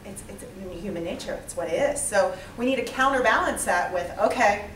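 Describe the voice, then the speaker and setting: A woman leading a small interactive training session, lively and quizzing the group. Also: mid-range voice, a little fast, a little hiss or hum. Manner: lively, asks the group questions, acts out types. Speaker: workshop trainer. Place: small training room with a few participants. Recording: echoey room, mic far off.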